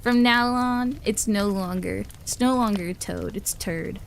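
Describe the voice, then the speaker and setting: A woman's voice: mid-range voice, measured pace, creaky. A woman streams from home and chats casually with her viewers, rambling and breaking into giggles. Her sentences often start over. A faint hiss sits under her voice. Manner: chatty, giggly, rambling with restarts. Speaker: livestreamer. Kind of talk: casual chat with live chat.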